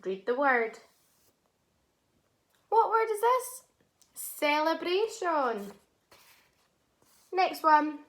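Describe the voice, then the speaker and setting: A woman teaching a phonics lesson to young children, sounding out words syllable by syllable and praising them warmly. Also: high-pitched, very animated, drawn-out words, long pauses.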